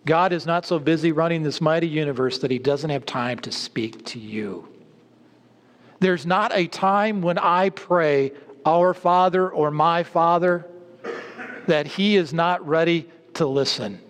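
A male preacher delivers a sermon in a fairly high voice, stressing and repeating his key points. He speaks directly to his listeners, and a long reverberant hall carries his words. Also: measured pace.

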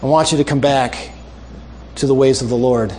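A male preacher closing a sermon with a story, making earnest, repeated appeals and dropping soft and low for emphasis. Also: steady tone, normal speed, a little hiss or hum.

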